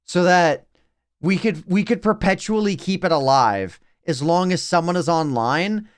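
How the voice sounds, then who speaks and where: A young man talking over his live game stream, his pitch swinging widely as he rambles from one thought to the next. His voice is smooth and clear, and he keeps slipping in wry, self-mocking asides. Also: animated, unhurried.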